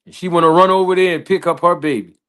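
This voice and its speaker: A man telling a story slowly and deliberately, repeating phrases as he builds it up. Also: high voice, fairly even intonation, a bit bright. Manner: slow, deliberate, repetitive storytelling with laughs. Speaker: podcast host. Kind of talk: slow storytelling.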